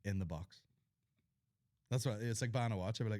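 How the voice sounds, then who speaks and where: A man's voice: lowish voice, fairly quick, a little mellow. A man hosting a podcast, rambling through loose stories with lots of swearing, laughing at his own jokes. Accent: Northern Irish. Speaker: podcast host. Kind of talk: casual chat.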